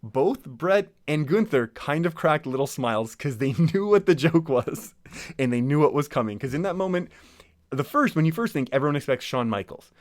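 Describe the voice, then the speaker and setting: A man's voice: on the high side, expressive, moderate pace, no room sound, clean studio sound. A man hosting his own podcast, talking casually in a chatty, rambling way with many restarts and small laughs. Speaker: podcast host. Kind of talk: casual solo podcast talk.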